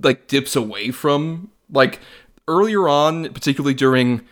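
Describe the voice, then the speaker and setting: A young man co-hosting a movie podcast in loose, casual chat. His voice sits at an everyday middle pitch, and he swears and laughs his way through animated riffs. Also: moderate pace. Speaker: podcast co-host.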